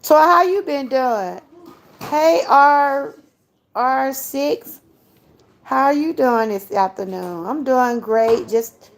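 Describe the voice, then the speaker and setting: An older woman, hosting a casual livestream, chatty and laughing often as she talks straight to her viewers. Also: a little high. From Georgia, US. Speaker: livestream host.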